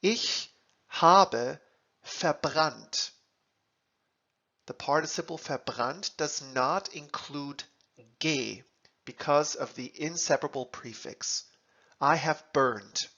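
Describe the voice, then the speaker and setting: A man narrating a scripted language lesson, deliberately sounding out German words and their translations, in a dull lo-fi recording. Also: a little high, sharp tone. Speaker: language teacher.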